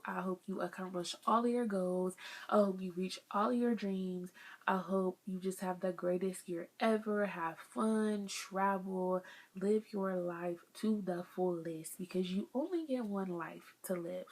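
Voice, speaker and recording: A woman's voice: mid-range voice, darkish tone. Earnest chatty young woman vlogger. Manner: earnest, chatty, addresses viewers as y'all. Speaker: vlogger sharing life lessons. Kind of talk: casual advice vlog.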